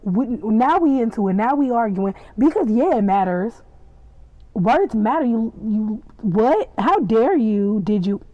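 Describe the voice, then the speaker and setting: Chatty, excitable woman reviewing a show. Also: a little high, a little slow, no room sound, lo-fi sound. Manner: excitable, chatty, acts out the scenes. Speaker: podcast reviewer. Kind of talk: casual recap and reaction.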